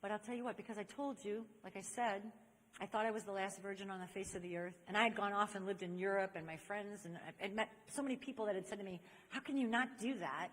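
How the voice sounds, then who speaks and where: A woman's voice: medium pitch, steady tone, fast talker. An older woman giving a personal testimony talk to young people at a church convention. She tells her story animatedly and acts out the people in it. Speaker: speaker at a church youth convention. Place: large convention hall. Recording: long hall reverb.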